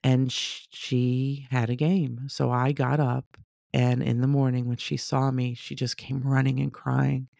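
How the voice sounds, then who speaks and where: A woman telling a personal story casually, animated, acting out the people she quotes. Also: a bass voice, unhurried, vocal fry, no room sound, clean studio sound. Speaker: storyteller sharing a personal testimony.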